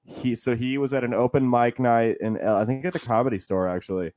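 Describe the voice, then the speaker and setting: A comedian on a podcast with an average, middle-pitched man's voice tells stories in a relaxed way. He laughs easily and talks like he is chatting with a friend. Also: fairly quick. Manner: laid-back storyteller, laughs often. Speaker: comedian guest. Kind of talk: casual chat, telling stories.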